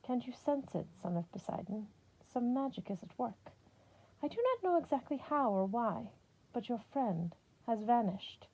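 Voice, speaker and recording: A woman playing a calm, regal goddess. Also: a little high, husky, pitched above the performer's own voice, exaggerated voice, rough recording. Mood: grave. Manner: slow, measured, formal. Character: ageless goddess in a girl's form, calm and regal.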